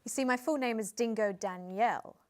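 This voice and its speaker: A prim, earnest British adventurer, played by a woman in a comedy sketch, talking calmly in a fairly high voice and heaping on ornate metaphors. Her British accent stays plain throughout. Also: a little fast, natural voice. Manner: calm, earnest, piles on flowery metaphors. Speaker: guest.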